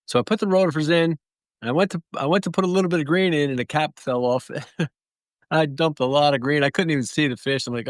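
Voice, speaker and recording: A man's voice: fairly high pitch, quick pace, no room sound. A man telling stories in an interview, rambling through anecdotes with small restarts. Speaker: guest clownfish breeder. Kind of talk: relaxed storytelling.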